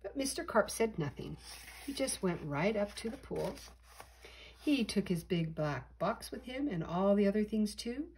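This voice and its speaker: An older woman reading a children's storybook aloud in an expressive, animated way. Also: mid-range voice, a little slow, a little hiss or hum, poor audio.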